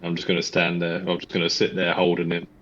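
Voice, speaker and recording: Deep husky guy playing his character, earnest, dull lo-fi mic. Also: completely flat delivery, fast, fairly bright tone. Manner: earnest, declarative. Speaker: player. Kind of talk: in-character tabletop play.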